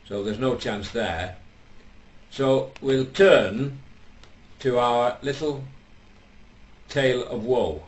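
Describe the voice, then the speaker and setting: A man's voice: mid-range voice, takes it slowly, long pauses. A man telling a comic tale in a rambling, chatty way, full of fillers. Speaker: comic storyteller. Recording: roomy echo, faint background noise.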